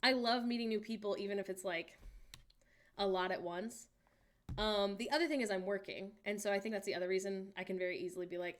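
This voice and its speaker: A woman in her late twenties, hosting a livestream in a casual, candid chat and reading viewer messages aloud with animated asides. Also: mid-range voice, moderate pace, long pauses. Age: late 20s. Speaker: livestream host.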